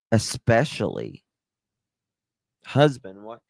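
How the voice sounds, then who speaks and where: Brief: male live-stream host, lowish voice, very unhurried, dry close sound, impassioned and indignant. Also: darkish tone, no echo. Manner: impassioned and indignant, stretching words slowly; reads out and thanks chat viewers. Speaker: livestream host. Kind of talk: emotional live-stream commentary.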